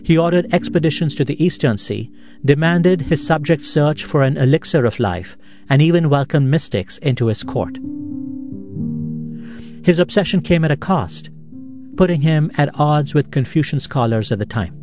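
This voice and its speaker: A man's voice: a little high, animated, over music. Man hosting a reflective podcast. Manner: measured, reflective storytelling. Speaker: podcast host. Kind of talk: scripted narration.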